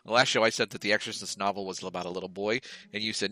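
A man's voice: on the low side, fairly even intonation, rapid-fire, sharp tone, no echo. A man co-hosting a podcast in casual chat, teasing his friend and laughing often. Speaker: podcast co-host.

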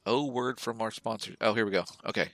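A man's voice: lowish voice, fairly even intonation, fairly quick, over music, poor audio. A man co-hosting a casual podcast, talking in a rambling, profane, jokey way. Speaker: podcast co-host. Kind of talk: casual chat, reading a joke ad.

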